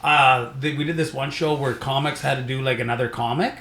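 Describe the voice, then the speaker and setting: A man's voice: mid-range voice, fairly even intonation, a bit bright, reverberant. A young adult man from Saskatchewan, Canada, a stand-up comedian telling rambling stories in casual podcast chat. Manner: rambling storytelling, does quick voices.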